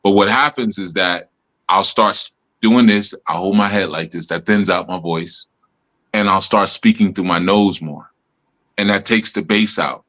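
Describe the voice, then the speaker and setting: A man with a deep bass voice, teaching in a relaxed, reflective way with many "you know" asides, on a live stream. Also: moderate pace. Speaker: spiritual teacher and host. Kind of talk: casual teaching talk. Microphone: live stream mic.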